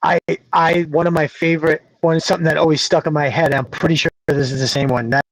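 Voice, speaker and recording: A man's voice: a little high, fairly even intonation, fast, dry recording, poor audio. A man co-hosting a casual podcast chat, rambling through stories with laughs and swearing.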